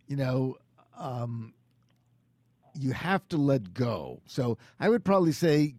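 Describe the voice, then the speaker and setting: A man's voice: mid-range voice, big pitch swings, takes it slowly, long pauses, mellow, no room sound, studio quality. A man in his sixties hosting a radio interview. He speaks bluntly and often repeats his words. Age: 60s. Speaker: radio host.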